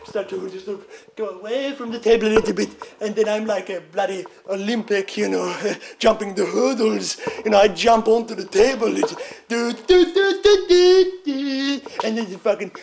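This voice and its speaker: A man with a high, gravelly voice spins a rambling stand-up story. He is excitable and profane and keeps laughing at his own bits as he goes. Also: brisk, a crowd in the background. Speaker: stand-up comedian.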